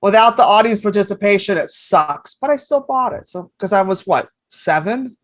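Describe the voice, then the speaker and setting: A woman comedian in her fifties chats on a podcast in a mid-pitched voice. She tells stories in an animated, casual way and swears freely. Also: moderate pace, no room sound. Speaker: comedian guest.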